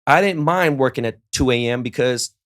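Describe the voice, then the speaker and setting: In a podcast interview, a middle-aged male guest with a medium-pitched voice talks at normal speed. He spins relaxed, profanity-laced stories casually and performs the dialogue he quotes.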